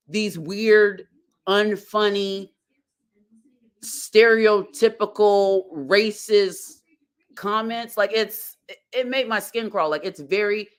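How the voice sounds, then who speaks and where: Woman, livestream host, unhurried delivery, chatty, halting, greets viewers by name. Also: mid-range voice, fairly bright tone. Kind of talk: casual livestream chat.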